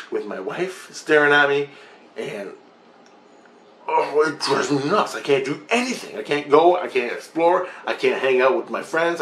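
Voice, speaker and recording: A man rants in a rambling, profanity-laced monologue, worked up and restless. His voice sits at an ordinary middle pitch. The recording is roomy and echoey, with faint ambient noise underneath. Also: a bit bright. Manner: profane, agitated ranting. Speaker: vlogger.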